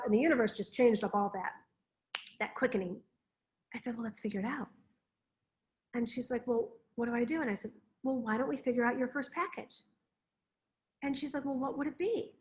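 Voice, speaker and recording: High-voiced, gushing woman coach. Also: fairly bright tone. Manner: enthusiastic, storytelling with many "like"s. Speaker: business coach. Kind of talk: live webinar teaching. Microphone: video call.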